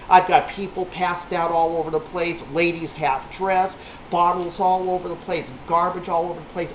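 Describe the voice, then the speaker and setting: A man's voice: on the high side, a little hiss or hum. A man telling a rambling, salty anecdote to a small group, with a punchline-driven delivery. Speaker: storyteller. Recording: echoey room on a tinny lo-fi line.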